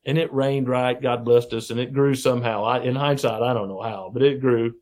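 A middle-aged man, a podcast guest, telling stories about his farming past in a folksy, animated way. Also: medium pitch, fairly quick. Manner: folksy, animated storyteller who acts out quoted people. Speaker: podcast guest, wildlife researcher. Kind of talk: casual storytelling interview.

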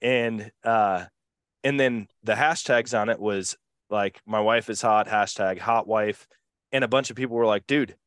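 A man's voice: lowish voice, a little slow, a bit bright, smooth, dry recording. A man hosting a podcast, chatting casually with slangy, laid-back banter. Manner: laid-back, slangy, says "dude" a lot. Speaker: podcast host. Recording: dry close sound.

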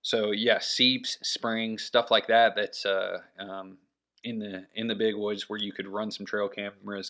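A man talks on his own in a loose, unscripted way, circling back with fillers and restarts. His voice sits a little low and stays bright and forward. The delivery is fairly even, with little rise and fall. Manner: rambling, many fillers and restarts. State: has the hiccups. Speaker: hunting podcast host. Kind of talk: casual solo talk.

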